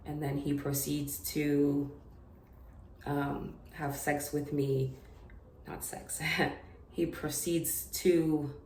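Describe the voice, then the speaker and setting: A young woman telling a personal story to camera in an unedited confessional vlog, halting and hesitant, with many fillers and restarts. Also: low voice, little pitch movement, mellow. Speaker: vlogger. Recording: echoey room with faint noise.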